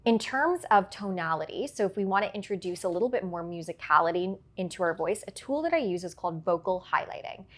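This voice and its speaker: A woman working as a public speaking coach, explaining her points clearly in an interview and often checking in with "right?". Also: on the low side, animated, fast talker, hardly any pauses. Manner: articulate, explains with examples and frequent "right?". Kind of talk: instructive interview answers.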